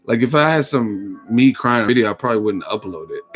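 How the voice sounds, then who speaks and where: A man's voice: lowish voice, fairly quick, faint music behind. A man hosting a boxing livestream who talks casually, jokes, swears freely and laughs often. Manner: profane, joking, laughs a lot. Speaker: boxing YouTube host.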